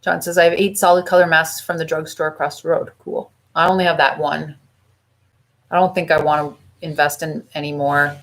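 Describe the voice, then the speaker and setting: A woman's voice: sits low, flat delivery, moderate pace, low-quality recording. Sick woman rambling on a live stream. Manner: groaning, rambling, reads out viewer comments. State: sick and in pain. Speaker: vlogger. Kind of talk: casual live-stream chat.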